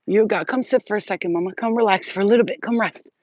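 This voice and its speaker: A woman talks through a casual live psychic reading in a loose, rambling way, cursing and laughing as she goes. Her voice sits at a middling pitch. The sound is dull and lo-fi, with a dry, close feel. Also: fast, darkish tone, no room sound. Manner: rambling, chatty, swears and laughs often. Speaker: psychic reader.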